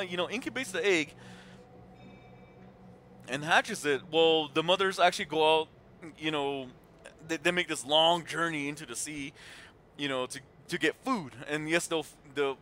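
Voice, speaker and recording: A man in his thirties talks casually over his game stream, rambling with many fillers and restarts. His voice sits high and swings widely in pitch. It has a bright, forceful edge. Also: slight background noise. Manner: animated retelling with voiced quotes. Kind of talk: casual chat while gaming.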